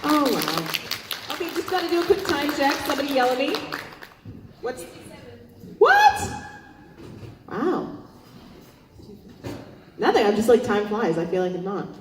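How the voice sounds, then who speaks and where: A woman moderating a convention panel, chatty, with quick asides while asking questions. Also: high voice, wildly swooping pitch. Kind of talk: casual on-stage interview. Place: large convention hall. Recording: echoey hall, mic far off, faint noise.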